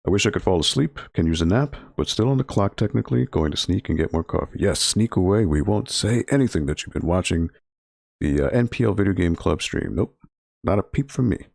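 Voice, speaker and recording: A man hosting a relaxed library game stream, talking to viewers in a low-energy, monotone way with frequent restarts. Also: fairly quick, gravelly, no echo, studio quality. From Connecticut, US. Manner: restarts and filler words. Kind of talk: casual chat with stream viewers.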